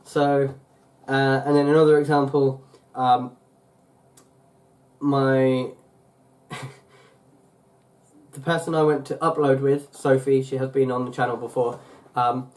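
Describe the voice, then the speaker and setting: Young male vlogger, mid-pitch, chatty and meandering, lots of fillers and self-corrections. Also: flat delivery, slow pace, pauses often, darkish tone. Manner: rambling, full of fillers and restarts. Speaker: YouTuber. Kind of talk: casual vlog chat.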